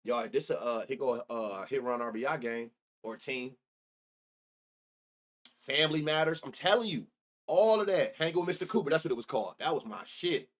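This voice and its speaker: A man's voice: medium pitch, expressive, normal speed, fairly bright tone. A middle-aged man hosting a sports betting live stream, chatting loosely and profanely while reminiscing and reacting to his chat. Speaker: sports betting show host.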